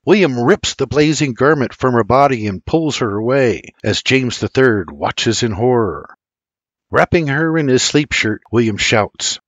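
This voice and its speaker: Older male narrator, dramatic and animated in delivery, dry booth sound. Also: mid-range voice, unhurried, dry recording. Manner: dramatic, intense storytelling. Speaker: audiobook narrator. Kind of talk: scripted dramatic audiobook narration.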